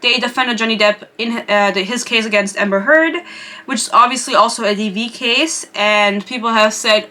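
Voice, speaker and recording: A woman's voice: mid-range voice, fairly even intonation, normal speed, bright, forceful tone. A young woman from Europe hosting a podcast, chatting in a gossipy, rambling way full of asides. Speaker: podcast host. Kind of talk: casual chat.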